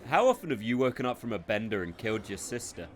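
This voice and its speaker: A man's voice: fairly low pitch, sing-song, quick pace, a little hiss or hum. A man streaming a game, joking and teasing his co-host, playing with put-on accents. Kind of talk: casual game-stream commentary. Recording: voice over game music.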